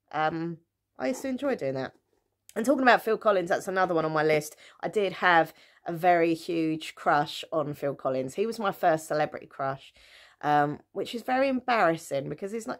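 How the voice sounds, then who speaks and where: A woman in her thirties tells stories from her childhood in a relaxed, chatty way. Her voice sits a little low, and she often laughs at herself, stops to correct herself, and pads her lines with ums. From England. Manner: chatty, giggly, self-mocking, many fillers. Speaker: vlogger. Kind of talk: casual storytime chat.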